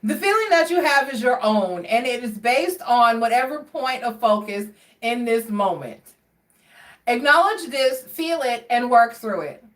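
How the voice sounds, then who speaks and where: A woman with a fairly high voice gives a casual tarot reading, chatty and expressive as she talks straight to her viewers. She sits a little away from the mic, and the room around her sounds roomy and echoey. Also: unhurried, recorded from a distance. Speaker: tarot card reader.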